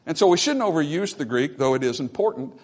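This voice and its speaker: Emphatic preaching man, fairly high voice. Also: expressive, fast. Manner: emphatic preaching with call-and-response "amen"; repeats phrases for emphasis. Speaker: pastor. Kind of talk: sermon.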